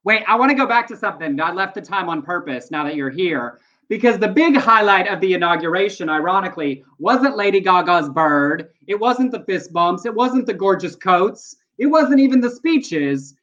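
A man co-hosting a casual live internet show, telling jokes and stories with lively energy. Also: high voice, moderate pace, muffled recording. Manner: animated, joking storyteller. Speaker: co-host.

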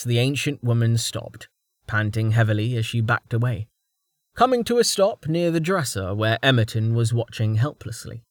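A man narrating a fantasy audiobook in an expressive reading style. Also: medium pitch, dry recording, clean studio sound.

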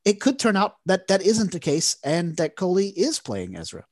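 A man co-hosting a podcast, talking in a rambling, animated way with many fillers. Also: sits high, moderate pace, dry recording, clean studio sound. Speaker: podcast co-host. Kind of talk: casual chat.

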